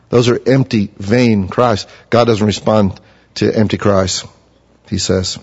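A man preaching a sermon in an earnest manner, his pitch climbing when he speaks for the figures he quotes. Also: steady tone, slow pace, a little mellow, breathy edge. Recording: muffled sound in a reverberant hall.

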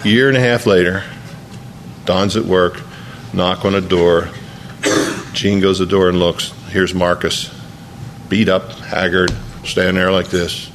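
A man's voice: low voice, steady tone, unhurried, long pauses, slight background noise. A man pastor delivering a sermon to a congregation in church, telling a story and often repeating his words as he preaches.

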